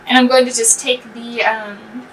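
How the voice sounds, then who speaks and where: A woman playing a tabletop game, chatty and excitable, trailing off with fillers as she thinks. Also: on the high side, measured pace, distant mic, background noise. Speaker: player. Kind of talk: casual tabletop play.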